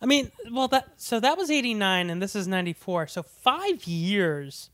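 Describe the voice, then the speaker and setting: A man's voice: high voice, sing-song, moderate pace, a bit bright, no echo, studio quality. A man co-hosting a podcast, chatting casually about a movie, laughing often and slipping into quoted voices. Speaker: podcast co-host.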